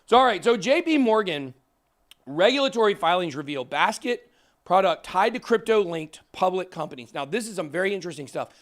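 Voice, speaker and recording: A man hosting a crypto talk show, emphatic and excitable, ranting into the camera. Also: sits high, brisk. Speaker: crypto channel host. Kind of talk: fired-up casual talk on camera.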